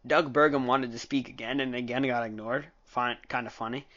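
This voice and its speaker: A man's voice: mid-range voice, fairly even intonation, a little fast, pushed and bright, highs cut off. A man giving a casual, opinionated recap of a political debate, rambling and often correcting himself mid-sentence. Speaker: political commentator.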